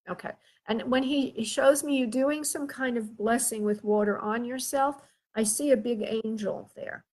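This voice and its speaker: Soft-spoken woman giving a psychic reading. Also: on the high side. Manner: gentle, soothing, checks in often with the caller; hesitant, with frequent filler sounds and restarts. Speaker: spirit medium and show host. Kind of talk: live psychic reading for callers.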